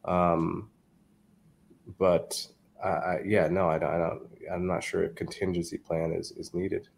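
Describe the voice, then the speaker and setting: Deep, gravelly male guest, halting and emphatic. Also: flat delivery, a little hiss or hum. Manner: halting, repeats words, emphatic. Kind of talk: casual discussion.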